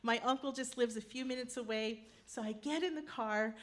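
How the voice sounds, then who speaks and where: Animated woman telling a true story. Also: fairly high pitch, moderate pace. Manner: animated, acts out the voices of family members. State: tearful while telling. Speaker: personal storyteller. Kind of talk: live personal storytelling.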